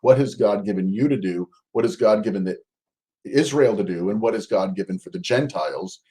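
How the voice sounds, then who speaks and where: Low-voiced man explaining with many restarts. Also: warm tone. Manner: halting, frequent restarts. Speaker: guest scholar. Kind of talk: conversational explanation.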